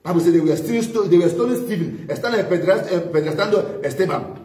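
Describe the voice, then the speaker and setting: A man's voice: high-pitched, animated, quick pace, a little mellow. A man preaching a fervent bilingual sermon in a church hall, switching between English and Spanish and often repeating himself. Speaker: pastor. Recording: echoey church hall, mic at a distance.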